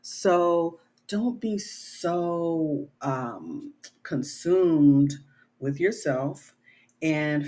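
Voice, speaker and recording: Slow, husky middle-aged woman. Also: deep voice, a little mellow. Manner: earnest, conversational, many "you know" and "right?" tags. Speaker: author. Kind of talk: casual vlog talk.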